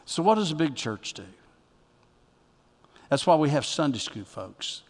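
A man preaching a sermon as pastor, with emphatic delivery that swings from loud bursts to quiet asides. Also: fairly high pitch, very animated, unhurried. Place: church sanctuary. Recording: long reverb of a church hall.

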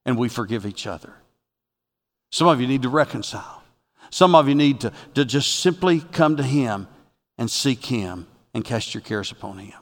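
A pastor preaching a sermon to his congregation. He moves from quiet reflection to loud, rising exhortation. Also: mid-range voice, lively intonation, moderate pace, long reverb tail.

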